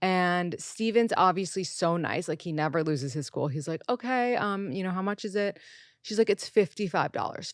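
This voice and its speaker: Woman podcast host, thirties, chatty and animated storyteller, dry close sound. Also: on the low side, normal speed, no room sound. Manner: animated, quotes people in raised voices, swears. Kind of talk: casual storytelling.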